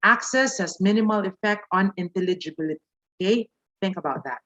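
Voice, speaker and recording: A woman's voice: medium pitch, brisk, fairly bright tone, highs cut off. A woman from the Philippines with a Filipino accent, teaching a live online speaking lesson and pressing each point with a questioning "okay?".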